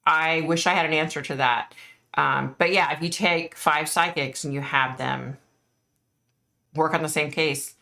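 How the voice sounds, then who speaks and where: A woman's voice: low-pitched, steady tone, a little slow, gravelly, sharp tone. A middle-aged woman, a psychic medium, hosting a casual live stream and chatting frankly with her viewers, full of "like" and "you know".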